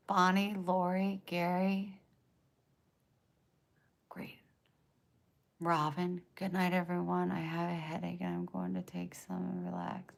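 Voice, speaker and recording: Woman livestreamer, American country twang, low gravelly voice, breathy and soft-spoken. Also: fairly even intonation, unhurried, long pauses, a little hiss or hum. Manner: soft-spoken, drifting into near-whispers. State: short of breath. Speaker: livestreamer reading chat. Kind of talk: casual live-stream chat.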